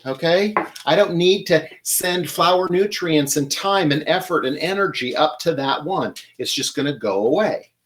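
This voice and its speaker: A man's voice: on the high side, animated, moderate pace, a bit bright. A man hosting a live flower-care tutorial, chatting while he works at a table and repeating his tips for emphasis. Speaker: florist host.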